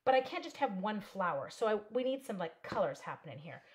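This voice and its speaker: A woman's voice: medium pitch, very animated, a little fast. A middle-aged woman chatting casually and bubbly while demonstrating paper crafts at home, joking and wandering off topic. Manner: chatty, bubbly, jokes and digresses while working. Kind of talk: casual crafting livestream chat.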